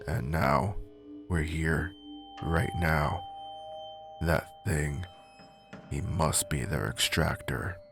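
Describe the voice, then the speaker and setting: A secretive, frightened teenage schoolboy, played by a man reading a horror story, confesses in a low, hurried voice. The voice sits very deep, with a gravelly edge. Loud music plays under him. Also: exaggerated voice.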